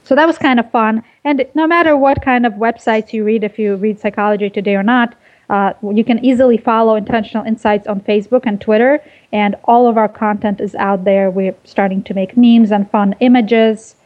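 A woman from Russia, a guest explaining her organization's work in a measured way, heard over a phone line. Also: a little high, fairly even intonation. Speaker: guest, nonprofit co-founder. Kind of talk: casual interview over phone.

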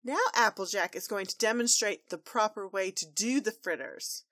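A woman co-hosting a casual recap chat, animated and slipping into silly character voices. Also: medium pitch, moderate pace, dry recording. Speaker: podcast co-host recapping a cartoon.

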